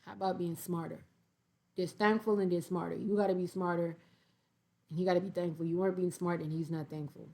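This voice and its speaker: A young woman, reading viewer comments aloud in a sassy, animated casual commentary. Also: fairly low pitch, brisk. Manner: sassy, animated, laughs often.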